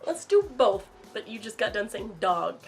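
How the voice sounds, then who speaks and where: A woman's voice: medium pitch, big pitch swings, moderate pace, over music. A woman in her twenties from the United States hosting a casual couple Q&A vlog outdoors, bubbly and teasing. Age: 20s. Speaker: YouTube host. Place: outdoors in sunlight.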